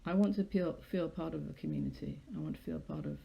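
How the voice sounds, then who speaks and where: Gravelly, chatty British woman hosting a live stream. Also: sits low, huge pitch swings, fast, warm tone. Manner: rambling, chatty, self-deprecating. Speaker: host of a live poetry stream. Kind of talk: casual live-stream chat and poetry reading.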